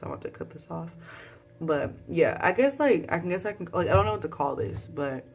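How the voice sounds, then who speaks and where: Give me a young woman with a low voice, recapping a show in a lively, dramatic vlog. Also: vocal fry, far from the mic. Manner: animated, dramatic, swings into high exclaims. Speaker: vlogger.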